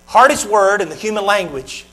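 A middle-aged male preacher with a high-pitched voice delivers a sermon to his congregation. He repeats his points and lets his voice swell as he presses them home. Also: animated, moderate pace, sharp tone, poor audio. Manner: emphatic, repetitive preaching that swells in volume; talks straight to the congregation.

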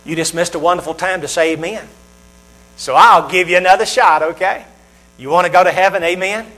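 A man's voice: high-pitched, brisk, bright, forceful tone, poor audio. A middle-aged man preaching a sermon, talking straight to his congregation with emphatic, repetitive phrases that swell in volume.

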